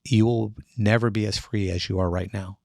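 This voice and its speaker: Middle-aged man, trial lawyer, gravelly low voice, animated storyteller, dry close mic. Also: moderate pace, no room sound. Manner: animated, acts out other voices in quotes. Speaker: trial attorney telling a story. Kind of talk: casual storytelling interview.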